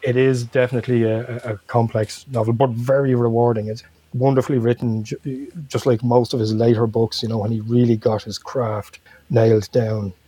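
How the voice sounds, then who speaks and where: A man rambles through a relaxed podcast chat, restarting his sentences and chuckling as he goes. His voice is mellow and a little husky. The sound is dry and close. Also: mid-range voice, normal speed, no room sound. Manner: rambling, self-correcting, chuckles often. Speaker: podcast guest.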